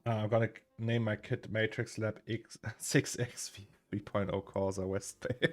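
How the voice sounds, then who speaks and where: A man's voice: on the low side, flat delivery, normal speed. A man in his thirties from Germany, chatting casually on a live stream, rambling and reading out chat names with frequent chuckles. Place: home studio. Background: faint music.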